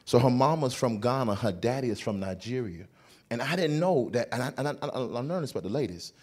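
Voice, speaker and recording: A man with a Southern American accent from North Carolina, performing stand-up comedy with animated storytelling, laughing and breaking into shouts. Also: mid-range voice, brisk, husky. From North Carolina, USA.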